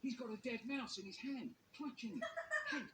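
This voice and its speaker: A man telling a comic story, playful and animated, with sound effects. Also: extremely high pitch, moderate pace, a little hiss or hum. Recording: echoey room.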